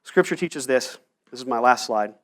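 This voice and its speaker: A man's voice: mid-range voice, lively intonation, moderate pace. A man around forty, a pastor preaching a sermon, telling stories and checking in with the room with frequent asides. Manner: storytelling with frequent "right?" asides. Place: church.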